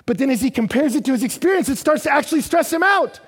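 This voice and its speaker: A man's voice: extremely high pitch, animated, quick pace. A man preaching a sermon to a congregation, emphatic and repetitive as he acts out the psalmist's prayers. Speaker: pastor. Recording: long hall reverb.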